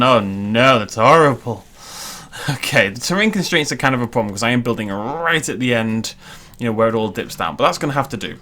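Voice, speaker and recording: A man's voice: mid-range voice, fairly bright tone. Chatty man narrating gameplay. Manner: chatty, self-deprecating, jokey asides. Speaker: gaming YouTuber. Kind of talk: casual let's-play commentary.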